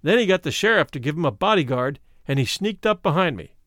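A man giving a dramatic, expressive reading of a first-person memoir. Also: on the high side, fast, no echo, clean studio sound. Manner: expressive, shifts to stirring emphasis. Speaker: reader.

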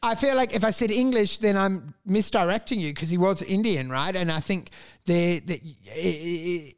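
A young man telling stories in a casual podcast chat, animated and swearing freely. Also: sits high, smooth. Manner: animated storytelling, swearing, quick laughs.

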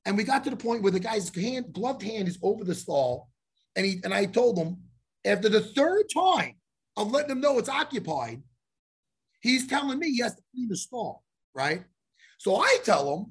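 A man's voice: high voice, big pitch swings, moderate pace, slightly rough. A man telling a story on a podcast in a loose, profane way, acting out every exchange. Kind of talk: casual storytelling.

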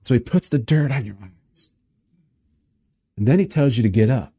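With a medium-pitched, slightly rough voice at a moderate pace, a male preacher brings a sermon story to life, urging the congregation to envision it.

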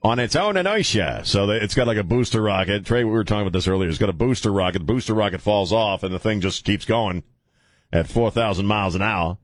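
A man's voice: on the low side, lively intonation, fast, no room sound. A man hosting a casual talk radio show in a studio, rambling, joking and laughing with crude asides. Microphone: studio mic.

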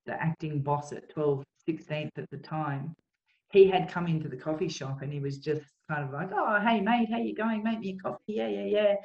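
Woman guest, earnest and halting, roomy and dull recording. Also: sits low, darkish tone. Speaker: interview guest. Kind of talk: emotional personal account.

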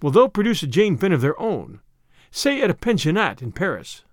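Man voicing tired older spymaster, grave, measured, expressive pitch, dry close mic. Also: no echo, exaggerated voice. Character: weary older male spymaster, calm and grave.

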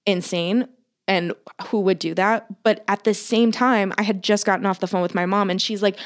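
A woman's voice: medium pitch, steady tone, normal speed. A woman in her thirties, co-hosting a podcast, telling a long story in casual chat and swearing freely. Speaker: podcast co-host.

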